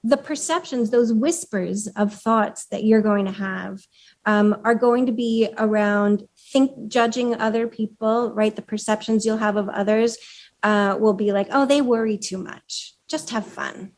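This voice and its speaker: A woman's voice: medium pitch, fairly even intonation, a little slow, darkish tone. A woman author giving a conversational workshop talk, explaining ideas and asking the room questions. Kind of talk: live talk to a room of women leaders. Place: room with an audience.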